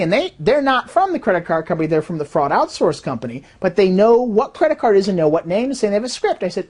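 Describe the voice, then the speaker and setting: Animated woman explaining, lively pitch. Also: fast, hardly any pauses, breathy edge. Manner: animated, acts out quoted voices. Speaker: fraud detection systems designer. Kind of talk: explanatory talk.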